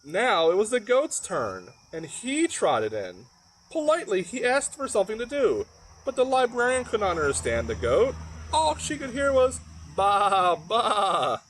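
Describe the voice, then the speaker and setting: A man's voice: extremely high pitch, wildly swooping pitch, normal speed, slight background noise. A man reading a children's picture book aloud, with playful, chatty asides to the young listeners at home. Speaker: library storyteller. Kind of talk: children's story read-aloud.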